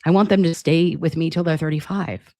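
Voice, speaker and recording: A woman's voice: low-pitched, steady tone, a little fast, warm tone, dry recording, clean studio sound. A woman in her forties from Massachusetts, hosting a casual livestream chat in a chatty, profane way, full of "like.". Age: 40s. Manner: chatty, profane, many "like" fillers. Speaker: livestream host.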